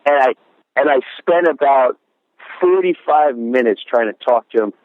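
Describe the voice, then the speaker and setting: A man's voice: mid-range voice, normal speed, no room sound. A middle-aged man tells a story in an interview, sincere and reflective. He puts on voices for the people he quotes. His voice comes through a dry, narrow phone-like line. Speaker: comedian guest.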